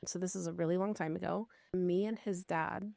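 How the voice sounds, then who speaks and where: A woman in her fifties, co-hosting a podcast, telling a personal ghost story in an animated, casual way with frequent swearing. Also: lowish voice, a little fast, vocal fry, dry recording. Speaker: podcast co-host.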